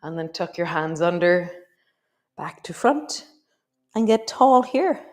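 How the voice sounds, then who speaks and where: A middle-aged woman guiding a yoga class with gentle, unhurried cues and soft laughs. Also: mid-range voice. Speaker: yoga teacher. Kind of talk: guided yoga class instruction.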